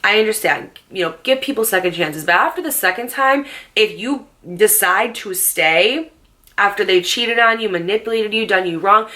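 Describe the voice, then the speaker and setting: A woman in her late twenties telling a storytime vlog to camera, animated and sassy, swearing freely. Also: medium pitch, moderate pace. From New Jersey. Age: late 20s. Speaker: storytime vlogger.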